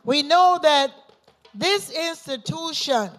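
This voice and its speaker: High, bright woman chanting invocations. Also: lively intonation, slow pace, faint music behind. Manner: chanting, repeating refrains. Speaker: libation ceremony leader. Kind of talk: ritual invocation with call-and-response. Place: gathering at an institution.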